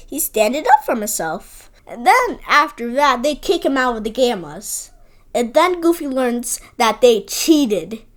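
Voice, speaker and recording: A woman with a high voice that swoops all over her range talks through a movie review. She rambles and fills her sentences with "like." She repeats her points and gives blunt opinions. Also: fairly bright tone. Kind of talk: casual spoken movie review.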